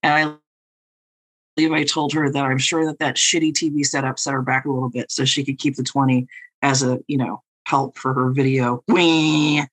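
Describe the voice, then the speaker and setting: A woman's voice: very deep voice, level tone, a little fast, a bit bright, poor audio. A woman co-hosting a podcast, telling a story in a wry, profane, laughing way. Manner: profane, wry, laughing through her stories. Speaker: podcast co-host and tarot reader. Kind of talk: casual storytelling chat.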